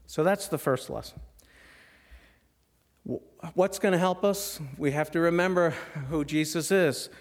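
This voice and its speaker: A middle-aged man delivers a sermon in a fairly high voice. He speaks earnestly, stacking rhetorical questions and letting his voice fall to a near hush when he drives a point home. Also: a little slow, pauses often. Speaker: pastor.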